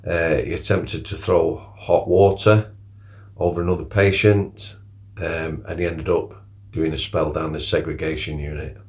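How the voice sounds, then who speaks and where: A man's voice: extremely low pitch, steady tone, a little slow, a little mellow. A man, a former prison officer telling blunt, plain-spoken stories in a rambling, casual monologue.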